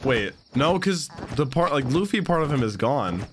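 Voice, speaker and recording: Excitable young man reacting with lively pitch. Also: moderate pace, background noise. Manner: excitable, loud outbursts and slangy banter. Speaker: anime reaction host. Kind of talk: casual reaction commentary.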